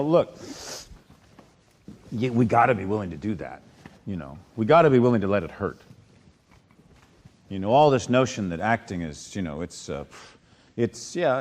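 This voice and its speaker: A man's voice: mid-range voice, sing-song, normal speed, a little mellow. A man teaching an acting masterclass, speaking intensely and swearing now and then for emphasis.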